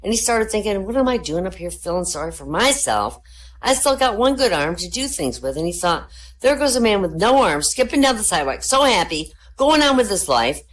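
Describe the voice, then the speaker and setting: A woman telling jokes at an online comedy night in a deadpan storytelling manner, raising her pitch for the punchlines. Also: fairly quick. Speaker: joke teller. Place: online voice chat room.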